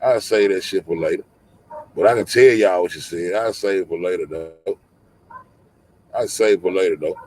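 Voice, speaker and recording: A man's voice: sits low, normal speed, pauses often, a little mellow, dry recording. A man hosting a livestream, ranting profanely and confrontationally, repeating himself. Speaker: livestream host. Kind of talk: heated livestream rant.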